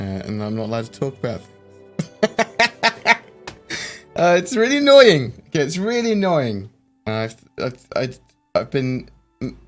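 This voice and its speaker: Rambling low-voiced man, faint music behind. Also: a little mellow. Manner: rambling, hesitant, many fillers and restarts. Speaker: livestream host. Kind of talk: casual live chat. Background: faint background music.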